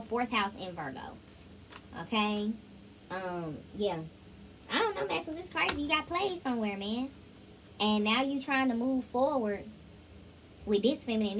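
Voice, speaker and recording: A woman's voice: on the high side, expressive, normal speed, a little hiss or hum, rough recording. A woman giving a casual tarot reading, talking straight to viewers and breaking into song snippets. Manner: chatty, sings snippets, addresses viewers directly. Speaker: tarot reader.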